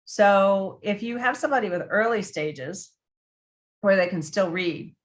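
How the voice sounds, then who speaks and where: A woman's voice: mid-range voice, expressive, unhurried. A woman who writes on dementia care, giving a conversational talk with frequent restarts and acted-out quotes. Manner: chatty, frequent restarts, acts out quoted voices. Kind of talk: conversational presentation.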